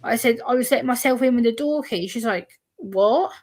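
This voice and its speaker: A woman's voice: a little high, brisk, darkish tone. A woman, a guest on a video-call chat, telling a personal story and acting out the other people's voices. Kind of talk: casual chat.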